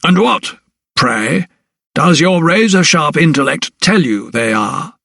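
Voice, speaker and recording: A man voicing a scornful, ruthless gentleman lawyer in an audiobook, speaking slowly and mockingly. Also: a little high, animated, vocal fry, no room sound, clean studio sound, far from the mic, pitched above the performer's own voice, exaggerated voice. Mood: sneering. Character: sneering, ruthless male lawyer, older gentleman.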